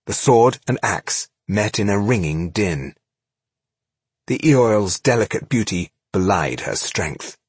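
A male audiobook narrator with a low, husky voice. He reads with measured drama and a lively rise and fall. The recording is dry and close. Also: no room sound. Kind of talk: scripted narration.

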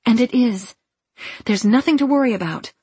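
A woman reading the part of a flustered woman who keeps up a forced airy brightness. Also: fairly high pitch, moderate pace, breathy edge, no echo, pitched above the performer's own voice. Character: Edith, flustered woman hiding something.

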